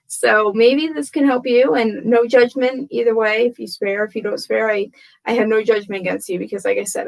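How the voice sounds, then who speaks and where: A woman's voice: on the high side, vocal fry, rough recording. A woman in her thirties chatting casually to camera from home, rambling and self-deprecating, tired and frazzled, laughing often. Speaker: vlogger. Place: home room with torn wallpaper.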